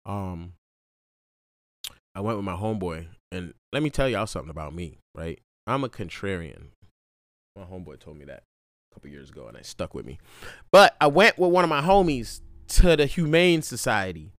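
A man's voice: on the low side, very animated, moderate pace, a bit bright, no echo, clean studio sound. A man telling a rambling story in a laid-back casual monologue, full of slang and restarts. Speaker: vlogger.

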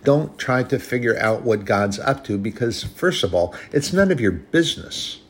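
A man's voice: mid-range voice, very animated, normal speed, breathy edge. A man preaching a sermon in an earnest, conversational way, often restarting his sentences.

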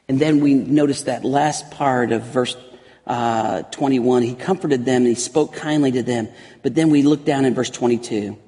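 Middle-aged male pastor with a slightly high voice; emphatic sermon that drops to a hush, echoing sanctuary. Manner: swings from loud emphatic peaks to soft hushed lines, repeats words. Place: church sanctuary. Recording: long reverb of a large hall.

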